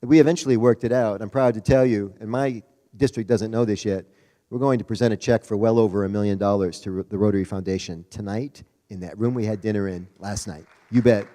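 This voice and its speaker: A man's voice: lowish voice, steady tone, a little fast, warm tone. A man giving a folksy, chatty conference speech as a Rotary district leader, joking with the crowd over a PA mic. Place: large conference hall. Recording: reverberant conference hall.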